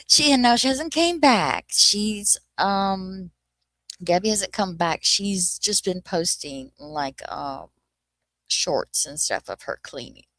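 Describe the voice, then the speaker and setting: A woman's voice: on the low side, a bit bright, no room sound. A woman chatting casually to viewers on a livestream, ranting and swearing freely, sometimes dropping to a whisper. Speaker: livestream host.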